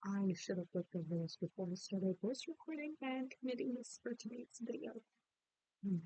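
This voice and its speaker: Tired, rambling young woman, mellow voice. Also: on the high side, fairly even intonation, normal speed, rough recording. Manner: rambling, candid, tired and apologetic. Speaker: college student and game creator. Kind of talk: casual voice-over chat over a game build. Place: at home by a laptop.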